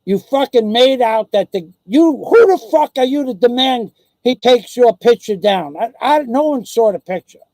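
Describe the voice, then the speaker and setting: Swearing nonstop and mocking the targets of his complaints, a furious vlogger rants into his own video. His voice is extremely high and warm with lively intonation at normal speed, and the recording is dry.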